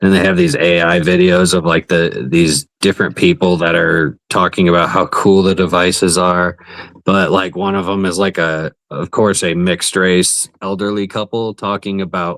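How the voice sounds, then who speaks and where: A man co-hosts a casual stream with a very deep voice. He talks bluntly and unhurriedly and swears without a second thought. The sound is dry and close. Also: little pitch movement, moderate pace, a bit bright, no echo. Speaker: co-host. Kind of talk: casual live-stream chat.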